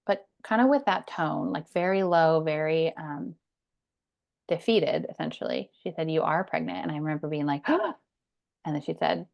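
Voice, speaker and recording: A woman's voice: deep voice, normal speed, vocal fry. A woman in her thirties, a podcast guest, telling her personal story in an earnest, emphatic way. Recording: dull lo-fi sound.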